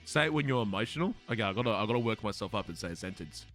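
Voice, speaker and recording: Lively Australian man chatting to his stream. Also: medium pitch, fast, few pauses, faint music behind. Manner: chatty, swearing, laughing at himself. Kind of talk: casual chat with stream viewers.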